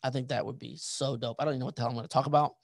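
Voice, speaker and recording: Gravelly man chatting casually. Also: mid-range voice, fairly even intonation, racing, dry recording. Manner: rambling, repeats words, swears casually. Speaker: podcast host and author. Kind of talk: casual interview chat.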